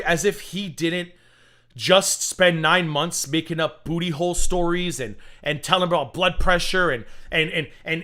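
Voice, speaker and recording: A man hosting a live stream with a bright, forceful voice. He tells gossip in an animated, chatty way and swears freely. His voice jumps up into shrill shrieks when he gets worked up. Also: normal speed. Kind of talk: casual live-stream commentary.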